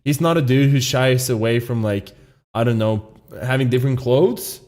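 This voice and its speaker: A man from Sweden with a Swedish accent, streaming and reacting to a video with loud, incredulous commentary and plenty of swearing. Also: medium pitch, moderate pace.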